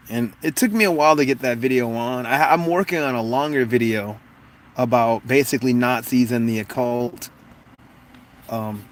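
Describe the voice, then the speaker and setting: A man in his forties chatting casually on a livestream, laughing often and joking about doing accents. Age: 40s. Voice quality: voice not very deep. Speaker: livestream host. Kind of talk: casual livestream chat reading comments.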